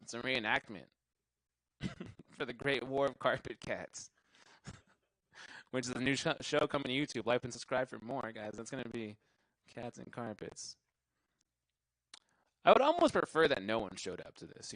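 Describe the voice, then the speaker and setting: A man's voice: medium pitch, animated, moderate pace, long pauses, a bit bright, no echo, low-quality recording. A young man doing a stand-up comedy set, rambling, cursing freely and laughing at his own jokes. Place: live show venue.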